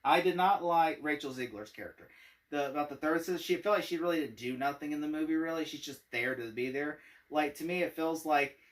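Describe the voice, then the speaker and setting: A man's voice: on the high side, fairly quick, recorded from a distance. A man giving a casual spoken movie review, rambling with many fillers and frequent laughter.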